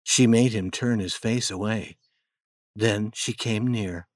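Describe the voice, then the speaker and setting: A man narrating a storybook chapter in a plain, measured way. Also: lowish voice, fairly even intonation, dry recording, clean studio sound.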